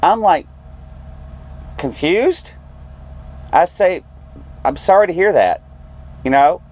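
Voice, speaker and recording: In a high-pitched voice and at a slow pace, a truck driver spins a story for his vlog. He plays out the people in it, imitating their quoted words with plenty of animation.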